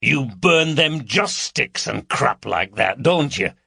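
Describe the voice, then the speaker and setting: A man's voice: medium pitch, animated, takes it slowly, creaky, sharp tone, slightly rough, no room sound, studio quality, voice pushed up, full character voice. A man voicing a bulky, crude and mocking middle-aged man with a Yorkshire accent. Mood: mocking, blunt.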